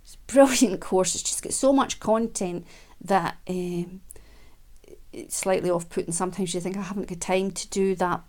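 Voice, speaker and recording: A woman giving a gentle, unhurried self-help talk, with frequent ums and quiet laughs. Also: on the low side, fairly even intonation.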